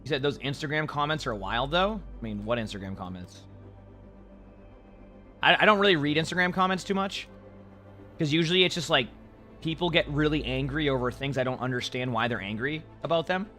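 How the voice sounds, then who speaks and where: A man streaming, chatting casually with his live chat in an animated, sarcastic, rambling way. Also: fairly high pitch, a little fast, soft background music. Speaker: game streamer.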